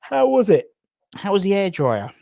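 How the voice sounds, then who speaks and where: A man's voice: high-pitched, very animated, normal speed, vocal fry, mellow, dry recording, studio quality. Breathless chatty English man streaming. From England. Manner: rambling, chatty, reads out viewer comments. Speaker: live stream host. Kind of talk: casual live stream chat. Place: garage.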